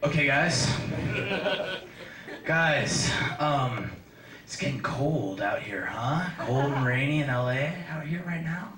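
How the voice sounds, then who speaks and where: A young man doing a stand-up set in a small comedy café, with a deadpan, slow and awkward delivery. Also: mid-range voice, background noise. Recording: roomy club sound from far off, audience.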